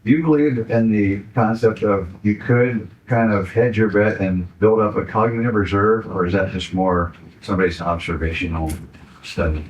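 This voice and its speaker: Man, lowish voice, audience question, curious, slightly halting. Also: steady tone, low-quality recording. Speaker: audience member asking a question. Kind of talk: question from the floor.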